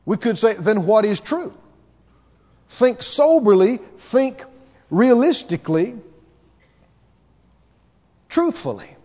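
A man's voice: high voice, big pitch swings, takes it slowly, long pauses, warm tone, in a large hall, lo-fi sound. A man preaching a sermon to a congregation, asking them questions as he goes. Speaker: pastor.

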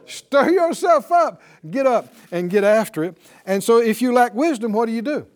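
A man's voice: sits high, brisk, a little mellow. A man teaching a Bible class in a sermon style, punchy and exhorting, with call-and-response.

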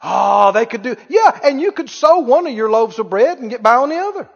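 A man with a high voice preaches a folksy, joking sermon. His delivery carries a long, ringing reverb from a church hall. The recording sounds dull and lo-fi. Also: sing-song, a little fast, vocal fry, husky. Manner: folksy, joking, mimics critics with mock wails.

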